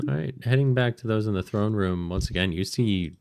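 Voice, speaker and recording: A man's voice: on the low side, fairly quick, gravelly, darkish tone, slight background noise. A man narrating as game master of a tabletop game, loose and rambling with hesitant fillers.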